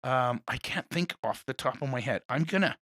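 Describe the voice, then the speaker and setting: A man hosting a casual interview, telling rambling animated stories. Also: medium pitch, normal speed, dry recording. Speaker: podcast host.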